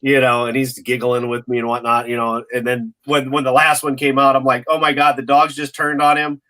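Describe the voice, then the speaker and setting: A man with a bright, forward voice and middling pitch, telling loose, rambling stories. He wanders through fillers and restarts in an easy, casual way. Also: flat delivery, brisk. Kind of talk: casual chat.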